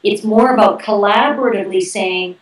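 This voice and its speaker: A woman with a Canadian accent speaks at a middling pitch, laying out ideas at length as an interview guest. She falls back on "you know" and restarts now and then. Her voice sits a little away from the microphone in a roomy, echoing space. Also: a little fast, distant mic. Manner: articulate, explanatory, frequent fillers and restarts. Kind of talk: conversational interview answers.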